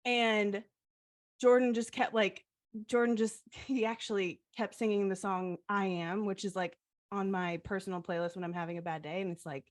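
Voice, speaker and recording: A woman's voice: medium pitch, steady tone, moderate pace. A young adult woman co-hosting a podcast, retelling a personal story in a heartfelt way and leaning on the filler "like". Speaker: podcast co-host.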